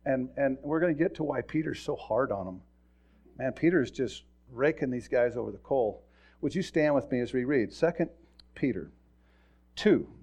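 A middle-aged man, a pastor, giving a folksy sermon full of stories, often repeating words and chuckling as he tells them. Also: medium pitch. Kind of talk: sermon with storytelling.

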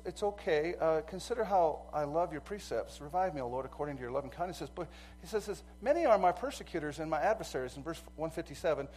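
A man preaching a sermon as pastor, swinging from quiet asides to loud emphatic passages and acting out a courtroom story. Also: high voice. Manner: acts out courtroom scenes in quoted voices.

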